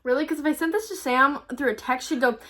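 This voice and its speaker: A woman's voice: high-pitched, fast talker, crowd noise. Blunt, jokey young woman co-host. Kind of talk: casual chat.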